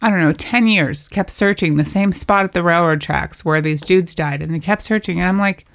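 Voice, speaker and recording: A woman in easygoing conversation, trading stories and dropping dry, wry remarks. Her voice sits a little low for a woman. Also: normal speed. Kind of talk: casual chat.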